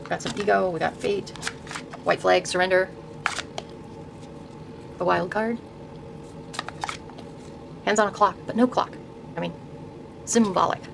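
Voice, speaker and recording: An older woman with a lowish voice murmurs through a tarot deck walkthrough, reading card names one by one and stumbling over words as she restarts them. A steady hum of room ambience sits clearly behind her voice. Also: unhurried, long pauses. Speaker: host showing her tarot deck collection. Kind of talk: soft-spoken casual deck walkthrough.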